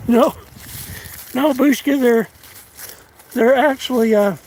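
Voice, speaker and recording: A breathless man talks slowly in a fairly high voice, drawling and stopping to catch his air between halting phrases. He is outdoors on open land, and loud wind roars over his phone mic. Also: poor audio. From United States. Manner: halting, drawling, many restarts and fillers. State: out of breath, winded. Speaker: live streamer. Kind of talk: casual live-stream chat while walking.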